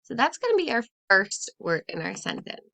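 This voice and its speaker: A woman teacher talks young children through a phonics lesson, spacing each word slowly and clearly. Her pitch moves a lot, and her voice has a touch of gravelly fry. The recording is dry and close, with no room sound. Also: huge pitch swings, sharp tone, no echo. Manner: slow, clearly spaced, encouraging teacher voice.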